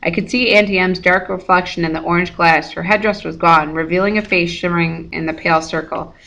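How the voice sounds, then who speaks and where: A woman's voice: lowish voice, fairly even intonation, brisk, vocal fry, bright, forceful tone. A woman reading a novel aloud, sometimes stumbling and rereading words. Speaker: reader.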